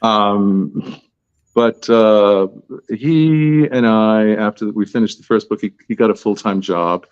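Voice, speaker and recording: Speaking slowly in a lowish, darkish voice with a clear, resonant tone, this man is the author guest on a podcast interview. His answers ramble off on tangents, friendly and self-deprecating, and the audio sounds dull.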